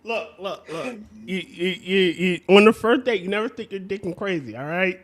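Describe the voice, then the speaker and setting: A man's voice: sits high, lively intonation, moderate pace. A man co-hosting a show, bantering crudely, joking and laughing a lot, tripping over his words. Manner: joking, laughs often, stammers. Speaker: podcast co-host.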